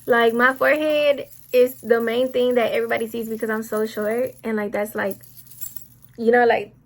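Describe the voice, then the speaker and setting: Young woman yapping while she does her makeup, kinda high voice, keeps getting sidetracked. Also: little pitch movement, moderate pace. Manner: chatty, rambling, gets sidetracked. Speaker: beauty vlogger. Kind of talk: casual get-ready-with-me chat.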